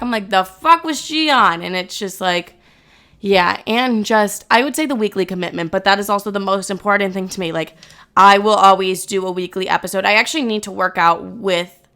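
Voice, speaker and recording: A young woman with a bright, forceful voice hosts her own podcast, chatting solo and straight to her listeners. She talks candidly and bluntly, with plenty of swearing. Her pitch sits in the middle for a woman. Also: clear, resonant tone. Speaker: podcast host. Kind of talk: casual solo podcast talk.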